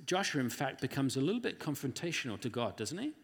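A man's voice: mid-range voice, big pitch swings, quick pace, gravelly, fairly bright tone, husky. A man preaching a sermon in an earnest, conversational way, often acting out the voices of the people he quotes. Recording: long hall reverb.

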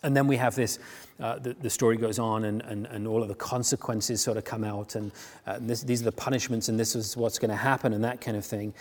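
A man preaching a sermon in a conversational, animated way, often restarting his sentences as he retells a story. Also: lowish voice, brisk. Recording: long hall reverb.

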